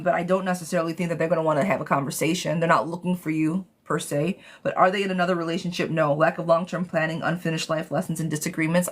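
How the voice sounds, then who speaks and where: A woman doing a live-stream tarot reading, chatty and affectionate, who calls her viewers darling and sweetheart. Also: fairly low pitch. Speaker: tarot reader.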